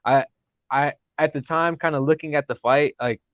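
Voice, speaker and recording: A man's voice: on the high side, steady tone, normal speed, no echo. A man talking as a guest fighter in a casual podcast chat, rambling with lots of fillers and self-corrections. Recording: dull lo-fi dry sound.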